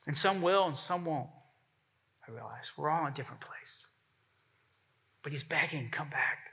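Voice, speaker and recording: A man's voice: fairly high pitch, expressive, normal speed, gravelly, pushed and bright, slightly rough. A man preaching a sermon as pastor, talking conversationally and acting out the voices he quotes.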